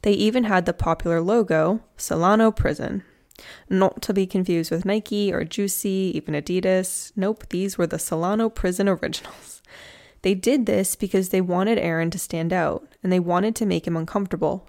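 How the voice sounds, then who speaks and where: Chatty woman telling true crime, slightly low. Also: fairly even intonation, moderate pace, creaky, a little mellow. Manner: chatty, with slangy joking asides. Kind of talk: casual true crime storytelling.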